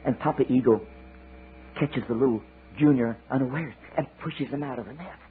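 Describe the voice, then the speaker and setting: A man preaching a sermon, telling a story in a folksy, animated way with chatty asides. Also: mid-range voice, normal speed. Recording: tinny lo-fi sermon tape with hiss.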